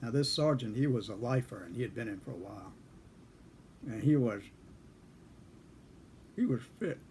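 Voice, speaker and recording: A man's voice: mid-range voice, animated, a little mellow, a little hiss or hum. Older man chuckling through an old story. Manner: unhurried, chuckles while telling. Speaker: storyteller recalling military service. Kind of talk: casual spoken storytelling.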